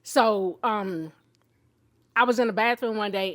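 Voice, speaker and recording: A woman in her fifties telling her own story of illness and faith, candid and emotional, in an expressive conversational way. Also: medium pitch, unhurried. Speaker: show host sharing her own story. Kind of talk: personal testimony in conversation.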